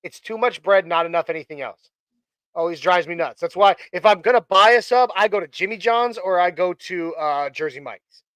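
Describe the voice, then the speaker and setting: A man's voice: high voice, normal speed, a bit bright, smooth, no room sound, poor audio. A man hosting a casual live stream chat, talking in a rambling way with many fillers and restarts. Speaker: host.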